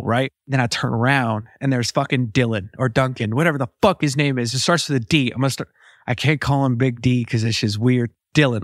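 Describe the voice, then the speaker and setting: A man hosting a podcast, telling a story in a casual, profane, animated way and acting out the voices of the people in it. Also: medium pitch, no room sound, clean studio sound. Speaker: podcast host.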